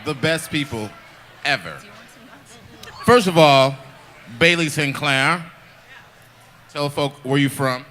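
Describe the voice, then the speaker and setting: A man's voice: a little high, lively intonation, slow pace, pauses often, bright, forceful tone, slight background noise. A man hosting a live game show, teasing guests and laughing often. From Chicago. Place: live event with audience.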